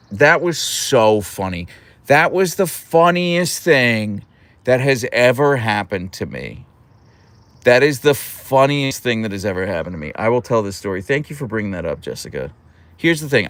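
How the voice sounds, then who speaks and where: A young man hosting a livestream, telling a story in an animated way and laughing often. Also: fairly low pitch, no echo. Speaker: livestream host. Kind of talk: casual livestream chat reading comments.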